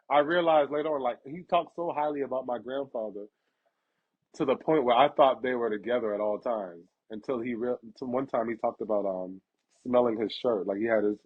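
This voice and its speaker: A man's voice: fairly quick, slightly rough. A young man hosting a casual chat, telling personal stories with laughter and acting out the people in them. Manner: animated, laughs through stories, acts out quotes in a higher voice. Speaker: podcast host. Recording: dull lo-fi sound.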